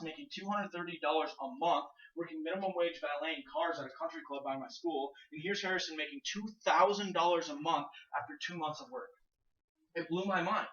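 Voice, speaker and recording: A young man pitches to a crowd at a home event, talking fast with a bright, forceful, slightly high voice. He leans on fillers like "you know" and "kinda". The sound is distant, roomy and dull. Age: young adult. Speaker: network marketing speaker. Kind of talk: informal sales pitch and personal story. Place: house party, in a living room.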